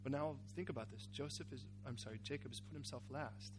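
A man preaching a sermon, acting out a Bible scene with cries, shouts and asides to the congregation. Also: mid-range voice, fast talker, over music. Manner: animated, acts out characters with cries and shouts. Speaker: pastor.

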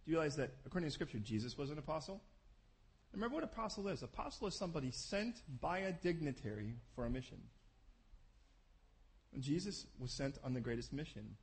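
A man preaching a sermon, animated, acting out scenes with voices. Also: on the high side, fast talker, creaky. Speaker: pastor.

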